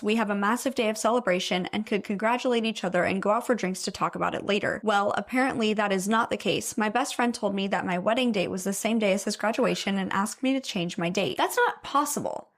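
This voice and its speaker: Blunt, swearing young woman. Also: mid-range voice. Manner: blunt, opinionated, swears freely. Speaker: story reader and commentator. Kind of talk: casual reaction commentary.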